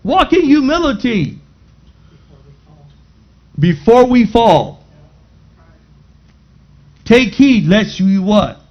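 A man preaching a sermon with dramatic swings, rising to shouts at times. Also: very high-pitched, big pitch swings, very slow, long pauses, muffled recording. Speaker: pastor.

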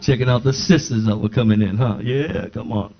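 A man preaching a sermon, telling a personal story with lively acted-out dialogue. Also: medium pitch, a little fast. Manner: animated, acts out dialogue in his stories. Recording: dull lo-fi recording.

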